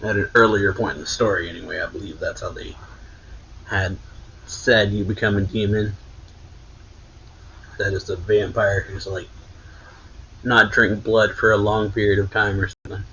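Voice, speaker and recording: A man's voice: lowish voice, flat delivery, moderate pace, long pauses, fairly bright tone, a little hiss or hum. A man casually recapping a manga chapter, rambling with many fillers, on dull lo-fi audio. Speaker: manga reviewer.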